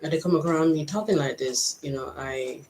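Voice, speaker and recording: Halting woman with an American-Jamaican accent. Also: low-pitched, darkish tone, a little hiss or hum, rough recording. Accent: mix of American and Jamaican. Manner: reflective, halting, thinking aloud with frequent restarts. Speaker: vlogger. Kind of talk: personal vlog monologue.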